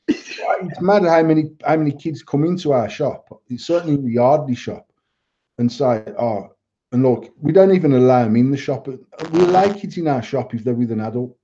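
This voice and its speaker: A man's voice: mid-range voice, moderate pace, mellow. A middle-aged man, co-hosting a podcast in blunt, sweary, rambling banter. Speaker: podcast co-host, vape shop owner. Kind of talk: casual banter. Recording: dull lo-fi sound.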